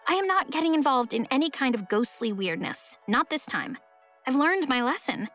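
A woman narrating a first-person story in a wry, expressive way. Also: sits high, normal speed, faint music behind. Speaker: audiobook narrator.

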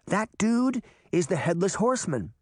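A man doing an excitable little girl. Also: sits high, moderate pace, no room sound, studio quality, pitched above the performer's own voice. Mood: eager. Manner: eager and chattery. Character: excitable little girl, eager know-it-all.

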